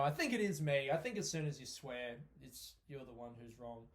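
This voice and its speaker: A man, a comedian, talking through a casual solo podcast monologue in an animated, sweary way, often laughing. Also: fairly high pitch, fairly quick, few pauses. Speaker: stand-up comedian hosting his own podcast.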